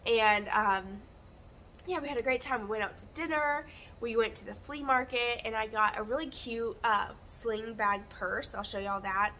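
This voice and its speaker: A woman chats through her day for a vlog, rambling and candid. Her voice sits a little high, with relaxed fillers and easy laughs. A faint background hum is heard behind her. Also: moderate pace. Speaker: lifestyle vlogger. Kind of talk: chatty day-in-the-life vlog.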